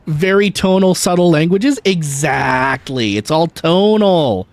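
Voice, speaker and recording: Chatty gaming streamer man, lively pitch. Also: slow pace, dry recording. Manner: chatty, jokey, swears and laughs easily. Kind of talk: casual gaming livestream chat.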